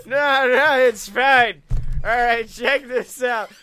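A man's voice: extremely high pitch, fairly even intonation, slow pace, heavy background noise. A man co-hosting a comedy podcast, telling a rambling, profane joke and laughing at his own lines. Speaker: podcast co-host.

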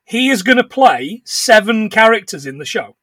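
A man co-hosting a casual podcast chat, giggling as he retells scenes and slips into quick silly voices. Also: sits high, sing-song, a bit bright, husky, no room sound, recorded from a distance. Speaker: podcast co-host.

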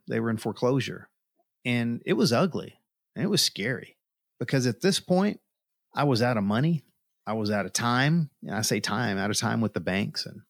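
A middle-aged man with a mid-range voice gives personal testimony, telling his story earnestly and emotionally and often repeating words along the way. The studio sound is clean, with no echo.

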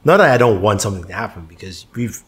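A man who spent time in Nigeria, talking in a measured, reflective way in a casual conversation. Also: on the low side, husky. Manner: measured, reflective, sometimes deadpan.

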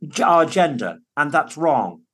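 A man talks as a guest in an interview, earnest and emphatic. His voice sits a little high for a man, and he often restarts his words as he goes. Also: big pitch swings, measured pace, fairly bright tone. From United Kingdom. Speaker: podcast guest, father. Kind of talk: conversational interview.

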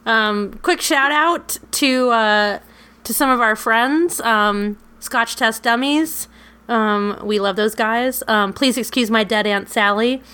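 A woman's voice: on the high side, slow, sharp tone, smooth. A woman co-hosting a podcast, chatting casually and rambling, swearing freely and laughing often. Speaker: podcast co-host. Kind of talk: casual podcast outro chat.

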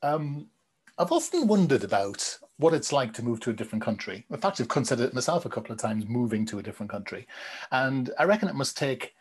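Husky-voiced podcast host. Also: male voice, mid-range voice, big pitch swings, quick pace. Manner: chatty, casual. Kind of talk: podcast intro and interview.

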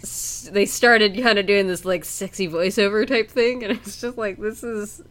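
A woman's voice: mid-range voice, moderate pace, fairly bright tone. A woman from Canada co-hosting a podcast in casual chat, giggling often and restarting her sentences. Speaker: podcast co-host.

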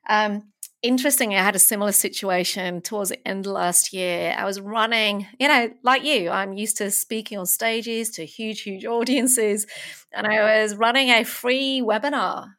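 Female podcast host; bright voice, thoughtful interviewer. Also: mid-range voice, normal speed. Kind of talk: casual interview.

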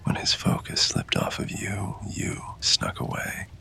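A man narrating in first person as a winged fae lover, in a whispered role-play with close, intimate, breathy delivery. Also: measured pace, sharp tone.

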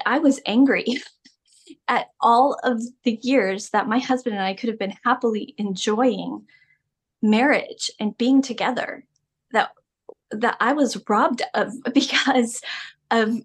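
A middle-aged woman, a podcast guest, telling her personal story in a candid, emphatic way and laughing often. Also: on the high side.

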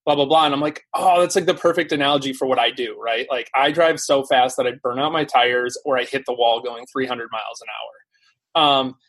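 A man as a podcast guest in casual live-stream chat, telling stories quickly and animatedly with lots of fillers. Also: medium pitch, steady tone, a bit bright, breathy edge. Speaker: podcast guest, SEO teacher.

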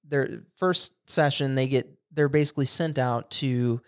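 A man's voice: medium pitch, a little slow, clear, resonant tone, no echo, studio quality. Man animatedly recounting a tabletop campaign. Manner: animated storyteller, acts out characters' lines; swears casually. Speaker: podcast co-host. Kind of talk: casual chat.

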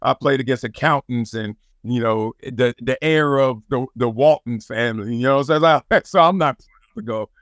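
A man's voice: mid-range voice, normal speed, dry recording. A man in his forties with a Southern California accent, a former pro football player telling stories in a casual interview, laughing and acting out quotes. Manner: animated, laughing storyteller who acts out quotes. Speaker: podcast guest, former NFL player and sports broadcaster.

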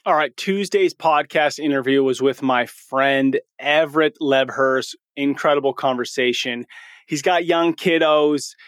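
A man's voice: mid-range voice, unhurried, a bit bright, clear, resonant tone, dry recording, studio quality. Earnest man talking straight to listeners. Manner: earnest, conversational, coaching tone. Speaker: podcast host. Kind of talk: casual storytelling monologue.

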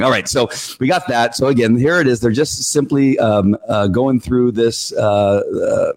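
A man's voice: mid-range voice, measured pace, few pauses, a little mellow. Guy ranting at a rally, worked up and sweaty, blunt, lots of ums and restarts. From California. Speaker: political speaker. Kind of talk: rally speech.

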